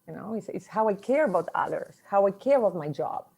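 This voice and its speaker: A woman with a mellow, warm voice delivers a motivational talk in English, her second language. She tells her story reflectively and leaves pauses between her thoughts. Her voice sits at a middle pitch for a woman. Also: animated, vocal fry, slightly rough. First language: not English. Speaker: speaker giving a short talk.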